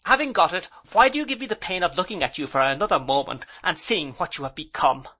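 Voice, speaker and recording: Man voicing indignant older aunt, raised pitch. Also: animated, fast talker, sharp tone, full character voice. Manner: emotional, reproachful, then composed and rueful. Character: proud, indignant older aunt, fiercely hurt. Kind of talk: audiobook character voice.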